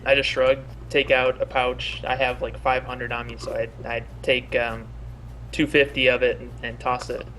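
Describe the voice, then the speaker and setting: A man's voice: medium pitch, little pitch movement, moderate pace, sharp tone, slight background noise, low-quality recording. Polite stammering male player. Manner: formal, polite in character, stammering. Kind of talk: in-character tabletop role-play.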